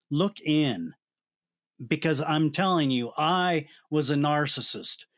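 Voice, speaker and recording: A man hosting a podcast interview, giving earnest, deliberate advice in conversation. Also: mid-range voice. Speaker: podcast host.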